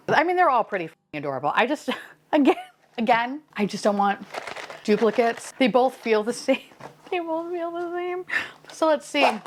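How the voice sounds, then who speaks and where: Lively, giggly woman unboxing toys. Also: medium pitch. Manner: swears freely, gushes and laughs often. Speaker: vlogger unboxing blind boxes. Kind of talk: casual unboxing chat.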